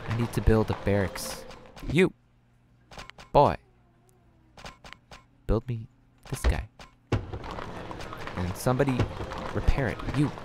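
A young man giving casual let's-play commentary on a strategy game, flustered and self-mocking, thinking out loud with many fillers. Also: on the low side. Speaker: gaming channel host.

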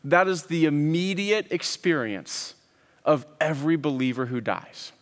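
Earnest man preaching in a reverberant hall. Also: fairly high pitch. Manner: earnest, with frequent word repeats and pauses. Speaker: pastor. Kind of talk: sermon.

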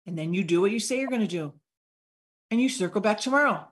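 A woman giving an energetic live training on sales follow-up, acting out short sample conversations in an upbeat voice. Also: lowish voice, fast. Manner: energetic, upbeat coaching with acted-out sample dialogue. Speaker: network marketing trainer.

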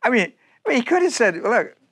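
A man's voice: very high voice, big pitch swings, fast, vocal fry, a bit bright, slightly rough. A man pastor preaching a sermon, acting out biblical speakers in first person with humor and frequent laughter.

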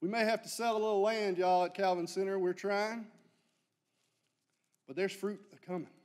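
A man's voice: high-pitched, steady tone, moderate pace, darkish tone. A man preaching a sermon as a guest preacher, folksy and storytelling, repeating phrases for emphasis.

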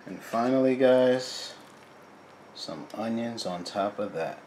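A man hosting a casual cooking video, chatting to his viewers as "guys", quiet and mumbling while he cooks and louder when he turns to the camera. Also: medium pitch, animated, slow, a little hiss or hum. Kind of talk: casual cooking vlog chat.

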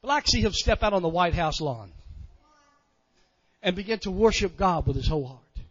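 A man preaching in a church, his voice high for a man, and he keeps saying amen in a folksy way as he builds up to loud points. The recording is dull and muffled, with long reverb from the sanctuary. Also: expressive, fairly quick, breathy edge. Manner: folksy preaching with frequent amens, swelling loud on key phrases. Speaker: pastor. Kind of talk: sermon.

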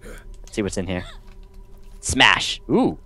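Man, lowish voice, casual co-op gameplay commentary, gunfire behind. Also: no room sound. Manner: excitable, quick exclamations while playing.

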